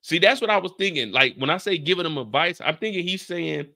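A young man from the Bay Area hosting a casual TV recap, talking in an animated, profane way. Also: fairly high pitch, fast talker, few pauses. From San Francisco Bay Area. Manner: animated, profane, acts out scenes with shouted put-on lines. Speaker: recap show host.

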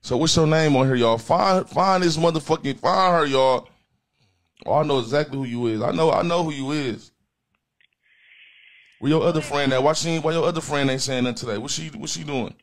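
A man hosts a comedy call-in show, loud and profane as he teases callers. His voice sits a little high for a man. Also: fairly quick. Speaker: comedy show host taking calls. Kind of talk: crude joking banter with callers.

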